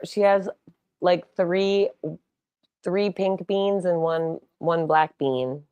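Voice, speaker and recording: Young woman chatting on a home livestream, playful, goofy baby talk to her cats, voice a bit on the low side. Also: a bit bright. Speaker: live streamer. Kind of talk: casual live-stream chat.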